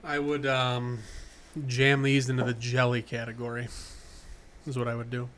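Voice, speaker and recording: A man's voice: mid-range voice, completely flat delivery, moderate pace, a bit bright, slight background noise. A man co-hosting a casual podcast, joking and chatting while tasting food. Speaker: podcast co-host.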